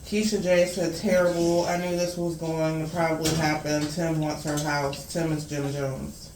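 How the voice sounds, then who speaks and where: A woman co-hosting a casual talk show, calmly reading viewer comments aloud with soft-spoken asides. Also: low voice, normal speed. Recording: echoey room with faint noise.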